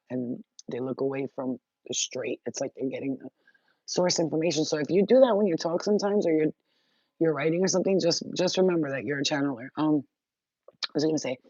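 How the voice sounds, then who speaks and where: A woman's voice: a bass voice, steady tone, a little fast, darkish tone, no echo. Blunt, profane woman channeler, lo-fi audio. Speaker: spiritual channeler. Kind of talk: casual live-stream chat.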